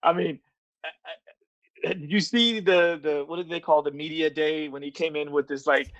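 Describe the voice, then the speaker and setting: A man's voice: a little high, steady tone, moderate pace, fairly bright tone, dry recording, lo-fi sound. A man hosting a podcast interview, asking questions in a casual, conversational way. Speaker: podcast host.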